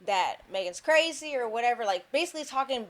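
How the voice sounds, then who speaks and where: A woman's voice: on the high side, animated, fairly quick. A woman co-hosting a casual podcast, giving her opinions in loose, filler-heavy talk. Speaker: podcast co-host. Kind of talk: casual group podcast chat.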